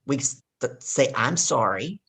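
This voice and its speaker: A woman's voice: rumbling low, animated, a little slow, a bit bright, breathy edge. A woman guest and life coach telling a coaching story with energy, hammering home her key points. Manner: emphatic, repeats key points.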